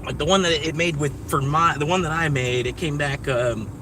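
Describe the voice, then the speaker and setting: A man in a car rambles casually to his live audience, chuckling between thoughts as he drives deliveries. His voice sits back from the mic, and steady road and engine noise fills the background. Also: on the high side, moderate pace, recorded from a distance. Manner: rambling, chuckles often, talks to chat and himself. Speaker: delivery driver streaming a ride-along. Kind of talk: rambling live-stream chat. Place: inside a car while driving.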